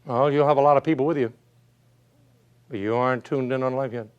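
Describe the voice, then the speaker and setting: A man's voice: mid-range voice, steady tone, fairly quick, clean tone, highs cut off. A man giving a folksy motivational speech, full of rhetorical questions and stories. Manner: emphatic, rhetorical questions, storytelling. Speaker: motivational speaker.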